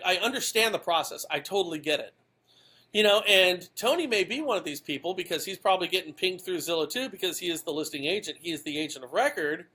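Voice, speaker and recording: A man with a high, bright, forceful voice rants his way through podcast commentary. He is blunt and emphatic, swears without a second thought, and keeps tossing "okay?" at the listener to drive his points home. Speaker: podcast host.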